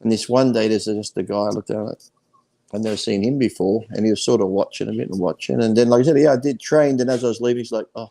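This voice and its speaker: A man's voice: fairly low pitch, steady tone, quick pace, gravelly, mellow. An older man, a retired pro bodybuilder telling blunt, crude stories in casual chat. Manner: blunt, crude, boastful anecdotes.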